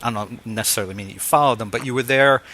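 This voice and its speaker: A man in his fifties hosting an interview, telling stories in a casual, animated way and acting out the voices he quotes. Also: mid-range voice, racing. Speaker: interviewer host.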